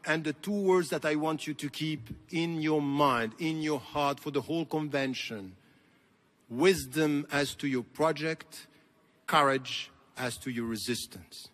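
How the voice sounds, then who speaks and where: A man's voice: a little high, a little slow, a bit bright, long reverb tail. A man giving an impassioned convention speech, with emphatic, repetitive rhetoric. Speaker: convention keynote speaker. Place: large convention hall.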